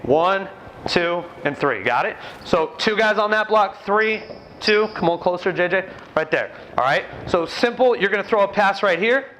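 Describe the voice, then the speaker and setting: A man with a high, ringing voice runs a basketball clinic on an indoor court. He barks out quick drill commands to his players. Between drills he turns to the watching coaches and explains each point. Faint gym noise hums behind him. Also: lively intonation, a bit bright. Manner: brisk, commanding, calls out quick drill instructions.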